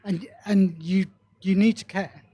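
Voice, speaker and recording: A man with a high voice talks on a panel, recorded dry and close. He rambles and corrects himself as he goes, with self-deprecating humour. He sounds like a veteran head of production. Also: fairly even intonation, a little slow, dark tone, slightly rough, dry recording. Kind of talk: panel discussion.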